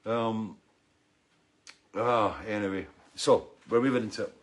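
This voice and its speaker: A man's voice: lowish voice, a little slow. A man hosting a casual livestream chat, rambling and swearing, with many "you know"s. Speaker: show host.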